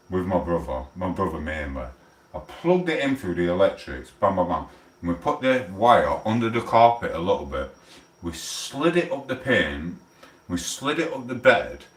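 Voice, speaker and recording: A very deep-voiced man in his forties rambles through a casual live stream, chatty and freely swearing. He sits well back from the mic in a roomy, echoing kitchen. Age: 40s. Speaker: livestreamer. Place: home kitchen. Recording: roomy echo, distant from the mic.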